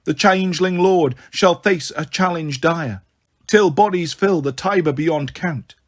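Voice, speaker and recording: A man doing a possessed girl's monotone prophecy. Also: a little high, a little slow, natural voice. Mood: solemn chanting. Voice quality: flat neutral monotone. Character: possessed girl chanting prophecy, deep monotone.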